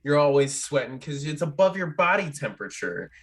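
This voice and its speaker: A man's voice: on the high side, sing-song, fairly quick, slight background noise. A man in casual podcast chat, speaking in a matter-of-fact, correcting way.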